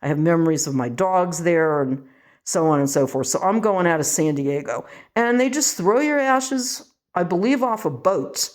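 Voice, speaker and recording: An older woman from the western United States talks through a casual home vlog, reading aloud and drifting into rambling asides. She pokes fun at herself as she goes, and her voice sits on the low side. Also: animated. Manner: rambling and self-mocking, with quick laughs. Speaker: vlogger.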